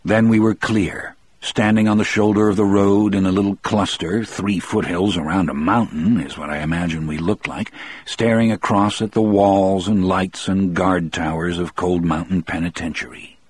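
A man reading a first-person story aloud in a measured, steady storytelling manner. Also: low voice, slightly rough, no room sound. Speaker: narrator.

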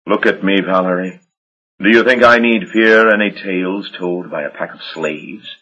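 Man doing a silky vampire master, cold, unhurried, menacing, low husky voice, dull audio. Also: pushed and bright, exaggerated voice. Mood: cold menace. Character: cold, commanding elder male vampire master.

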